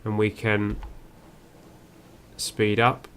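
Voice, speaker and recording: A man's voice: lowish voice, completely flat delivery, extremely slow, a bit bright, slight background noise. A man giving first-play game commentary, musing aloud and reading on-screen text as he goes. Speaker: game streamer.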